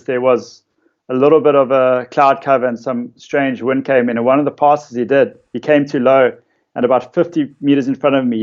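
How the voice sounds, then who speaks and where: A man, a photographer casually telling stories about his shoots in a relaxed way, with lots of fillers. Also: mid-range voice, highs cut off. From South Africa. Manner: relaxed storytelling with many fillers. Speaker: interviewed photographer. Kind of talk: casual conversation.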